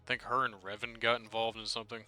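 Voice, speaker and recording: Bright, low-voiced man rambling in character. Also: little pitch movement, fast talker, soft background music. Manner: rambling, trails off mid-sentence. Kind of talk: in-character role-play chat.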